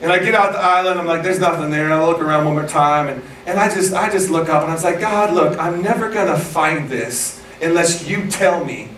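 High-voiced preacher in an echoey church. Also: male voice, a little fast, few pauses, recorded from a distance, slight background noise. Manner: storytelling, lively, acts out quotes, laughs often. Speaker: pastor. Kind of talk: sermon. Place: large church hall with congregation. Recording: echoey hall, recorded from afar, congregation audible.

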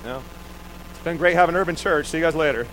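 The recording is poor, with a little hiss or hum, as a thirties-aged pastor preaches quickly in a higher-pitched voice. He tells a story from his childhood, animatedly performing the quoted voices, and urges listeners to answer back.

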